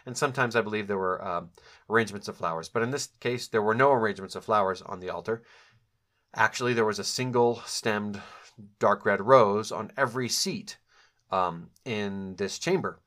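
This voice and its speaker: Man telling a personal memory, low voice. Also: moderate pace, fairly bright tone. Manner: reflective, candid, with frequent fillers and self-corrections. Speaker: author telling his own story. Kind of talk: personal storytelling, memoir recollection.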